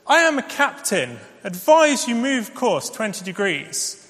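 A man's voice: sits high, very animated, measured pace, a bit bright, exaggerated voice. A man playing a proud, irate male battleship captain who gives curt commands, in a sermon anecdote. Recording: long hall reverb.

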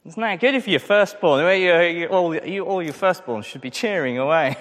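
Man, preacher, sermon, conversational, questions to congregation, raised pitch, hall reverb. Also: moderate pace, fairly bright tone. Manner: chatty, self-deprecating, asks the congregation questions.

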